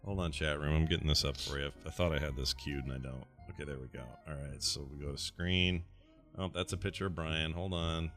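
A man's voice: a bass voice, fairly even intonation, brisk, fairly bright tone, soft background music. A man co-hosting a live morning show, chatting casually, laughing and talking to his chat room. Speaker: podcast co-host.

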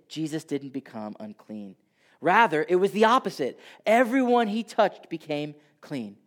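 A man preaching a sermon who swings from loud, emphatic passages down to soft near-whispers. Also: high-pitched.

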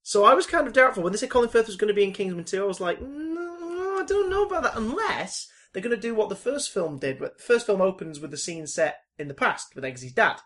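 A man co-hosting a casual film chat, excitable and animated, laughing often. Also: sits high, fast talker, hardly any pauses. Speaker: podcast co-host.

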